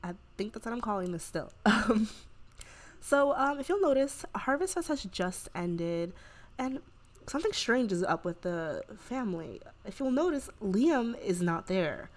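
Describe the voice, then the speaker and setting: A woman's voice: medium pitch, big pitch swings, a little slow. A woman hosting her gaming channel, narrating a let's play in a casual, chatty way with lots of fillers.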